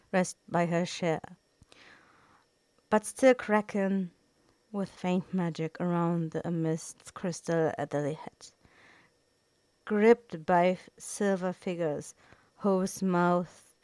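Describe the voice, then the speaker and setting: Slow, low-voiced woman reading a novel. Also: fairly even intonation, a little mellow, no echo. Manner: stumbling, restarts words. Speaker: reader.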